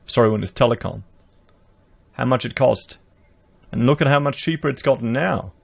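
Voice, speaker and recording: An Australian man with a medium-pitched voice and vocal fry delivers emphatic, rhetorical political commentary to his viewers at normal speed. He reads out news items and reacts to them, recorded close on a podcast dynamic mic.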